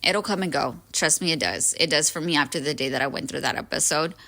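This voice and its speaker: A woman's voice: deep voice, quick pace, bright, forceful tone. A woman in her thirties hosting a solo podcast, talking earnestly and emotionally about self-growth and encouraging her listeners. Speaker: podcast host. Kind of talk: reflective solo podcast talk.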